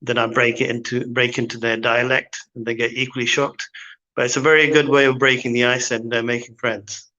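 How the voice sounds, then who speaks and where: A man's voice: mid-range voice, level tone, a little fast, bright, forceful tone. A man chatting casually as a guest on a live show, speaking hesitantly with many fillers. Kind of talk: casual chat. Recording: dull lo-fi live stream audio.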